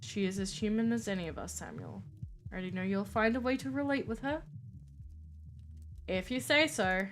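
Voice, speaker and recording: A woman voicing a calm, wise male mentor therapist who speaks in a measured, reassuring way. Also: medium pitch, natural voice.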